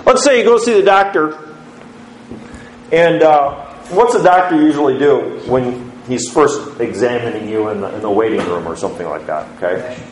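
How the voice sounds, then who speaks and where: A man preaching a sermon as pastor, putting questions to his congregation in an emphatic, lively way. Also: mid-range voice, normal speed, a little hiss or hum. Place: church sanctuary. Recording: roomy church echo.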